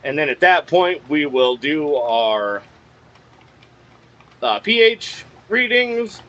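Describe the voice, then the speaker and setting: A man's voice: fairly high pitch, animated, slow, fairly bright tone. A man hosting a plant-growing channel, thinking aloud and cursing at himself as he mixes nutrients in a grow room, in a casual talk-along style. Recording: dull lo-fi with faint background noise.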